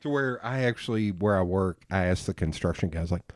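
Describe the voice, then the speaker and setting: A young man hosting a podcast, telling stories in a casual, animated way and swearing freely. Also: low-pitched, brisk, no echo, studio quality. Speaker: podcast host. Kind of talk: casual chat.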